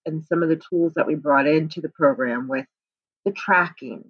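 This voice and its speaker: A woman's voice: low voice, normal speed, slightly rough, no echo, lo-fi sound. A woman co-hosting a weight-loss program podcast, chatting casually and rambling a little with restarts and "you know what I mean".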